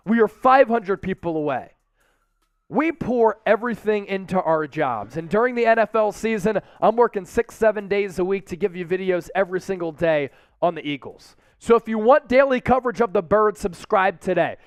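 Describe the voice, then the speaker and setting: Guy hosting a sports watch party stream, pretty high voice, upbeat chat shoutouts. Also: dry recording. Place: sports studio.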